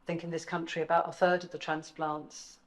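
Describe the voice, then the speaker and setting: Quick, affirming interviewer. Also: medium pitch, little pitch movement. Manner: quick, affirming, echoes the guest's words. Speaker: charity interviewer. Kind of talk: empathetic interview.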